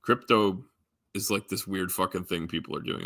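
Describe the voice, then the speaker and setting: Low, bright-voiced rambling male streamer. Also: very animated, brisk, gravelly, dry recording, studio quality. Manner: rambling, hesitant, lots of ums and restarts, swears casually. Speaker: live streamer. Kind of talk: casual live stream chat.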